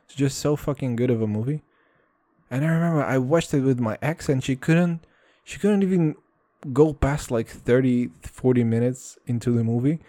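A man's voice: mid-range voice, normal speed, mellow, no echo. A man chatting casually in a vlog, rambling and swearing, often repeating "dude" and "all right".

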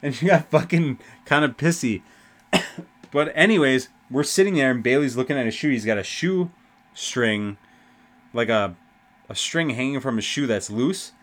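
A young man hosting a podcast, rambling through a festival story with constant swearing and animated retelling. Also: mid-range voice, normal speed. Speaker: podcast host. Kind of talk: casual storytelling.

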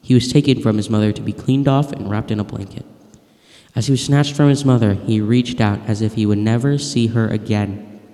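Man reading a dark story, reverberant. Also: fairly low pitch, fairly even intonation, a little fast. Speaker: narrator. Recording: long reverb.

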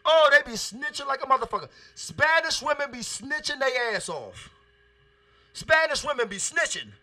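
Podcast host, male, very high, lively pitch; profane, rambling monologue. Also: normal speed. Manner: profane, rambling, animated storytelling. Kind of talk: casual monologue.

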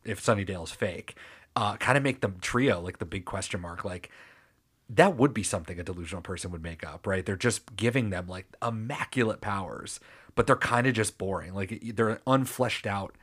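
A man's voice: fairly low pitch, fairly quick, husky. A man co-hosting a podcast, recapping a TV episode in casual, sarcastic, joking chat. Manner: sarcastic, joking, lively rambling. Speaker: podcast co-host.

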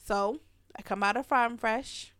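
A middle-aged woman with a slightly high voice tells a family story with lively energy, often slipping into the voices of the people she describes. The sound is dry and close. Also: measured pace, smooth, no room sound. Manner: animated, laughs often, acts out quotes. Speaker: mother telling family story. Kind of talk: casual storytelling.

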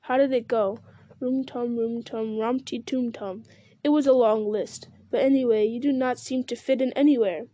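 Woman voicing Treebeard, a slow, humming ancient tree giant. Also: fairly high pitch, steady tone, dark tone, no echo, natural voice. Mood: ponderous. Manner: slow, deliberate, murmuring with hums.

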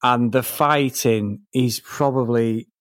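A man's voice: mid-range voice, takes it slowly, no room sound, clean studio sound. A man co-hosting a TV review podcast, chatting casually, ranting and swearing freely.

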